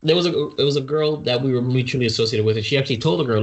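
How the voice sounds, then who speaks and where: A man in casual conversation, neither high nor low in pitch. He tells a personal story animatedly, stumbling and restarting as he goes. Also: very fast, hardly any pauses, slight background noise. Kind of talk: casual chat.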